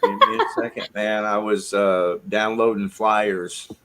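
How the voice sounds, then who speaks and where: A man hosting a casual online show, talking in a relaxed, offhand way. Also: on the low side, a little slow. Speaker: show host. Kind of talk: casual chat.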